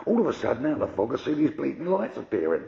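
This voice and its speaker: An older man doing gruff, conversational stand-up storytelling. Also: mid-range voice, huge pitch swings, racing, warm tone, muffled recording. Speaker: stand-up comedian.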